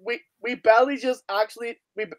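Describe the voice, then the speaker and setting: A host in an excited reaction chat with friends, who laughs a lot and swears in disbelief. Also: medium pitch, brisk.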